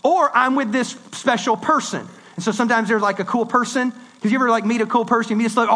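Animated man preaching a casual sermon. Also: high voice, racing, few pauses. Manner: conversational, animated preaching with swings between loud and hushed. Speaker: pastor.

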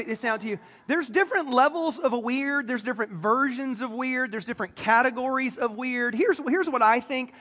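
A man's voice: extremely high pitch, a bit bright, big-room sound. A man preaching a sermon, joking with the congregation and talking straight to them. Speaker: pastor. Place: church sanctuary.

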